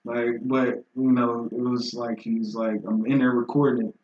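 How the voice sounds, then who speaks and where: A man's voice: mid-range voice, flat delivery, a little slow. A man in his twenties, a rapper guest, talking casually and profanely about his start in music, laughing often. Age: 20s. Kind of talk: casual conversation. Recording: roomy, distant, dull lo-fi sound.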